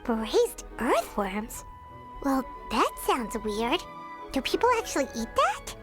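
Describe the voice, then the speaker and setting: A woman voicing Paimon, a tiny greedy fairy companion in a game who talks about herself in third person in a high cartoonish voice. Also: wildly swooping pitch, takes it slowly, music in the background, full character voice. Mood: puzzled. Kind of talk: game voice acting.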